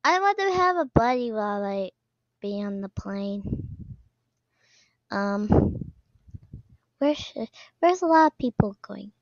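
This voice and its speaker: A woman commenting on a game as she plays, excitable, often squealing and laughing. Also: mid-range voice, takes it slowly, long pauses, no room sound. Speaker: gaming video creator. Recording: slightly dull lo-fi sound, dry.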